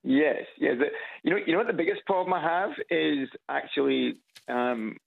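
A man's voice: a little high, normal speed, creaky. A middle-aged man with an Edinburgh Scottish accent, calling in to a radio chat show, speaking hesitantly with small restarts and chuckling at his own jokes, heard over a phone line. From Scotland. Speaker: caller. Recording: tinny phone line on loudspeaker.

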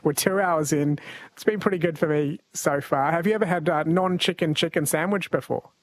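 A man's voice: on the high side, fairly quick, no room sound. An Australian man hosting a radio quiz show, chatty and jokey, laughing often. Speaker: radio host. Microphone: studio mic.

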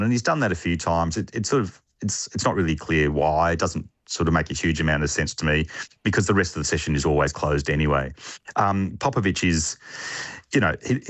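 A man's voice: low-pitched, a bit bright, no echo. An Australian man reporting on sport for radio, talking with many fillers and restarts.

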